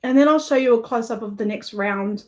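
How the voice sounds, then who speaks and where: Her voice a little high and her pace fairly quick, a New Zealand-accented woman runs a craft livestream. She keeps up a relaxed chat with the audience while crafting, with easy laughter.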